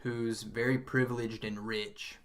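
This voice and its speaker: A man co-hosting a podcast, rambling through an animated retelling with lots of fillers and laughter. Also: fairly low pitch, unhurried. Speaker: podcast co-host. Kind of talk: casual chat.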